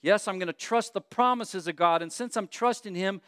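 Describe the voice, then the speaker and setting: High, smooth-voiced male preacher. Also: moderate pace, no room sound, studio quality. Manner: expressive, conversational, asks the audience questions. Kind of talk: sermon.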